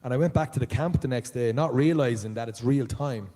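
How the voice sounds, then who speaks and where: An Irish man, a voice actor answering fan questions at a live convention panel, telling stories in an animated way. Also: mid-range voice, fairly quick. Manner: animated storyteller, jumps into voices of others. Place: large auditorium, live.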